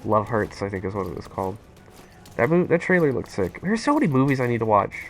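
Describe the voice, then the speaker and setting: A young man chatting casually and excitedly with his viewers while playing a game on a live stream. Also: mid-range voice, fast talker, soft background music. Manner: excitable, rambling, talks to chat.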